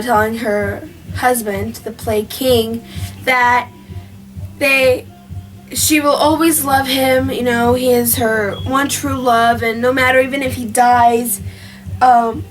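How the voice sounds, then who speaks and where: Brief: a young woman vlogger with a high, unhurried voice, casually retelling a story, recorded from a distance. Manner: rambling, with many fillers and restarts. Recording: distant mic with faint music.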